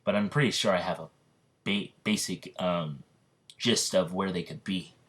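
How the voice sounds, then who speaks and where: A man's voice: low voice, fairly even intonation, moderate pace, a bit bright. A man doing a defiant young knight. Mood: determined. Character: hot-headed young male knight, defiant.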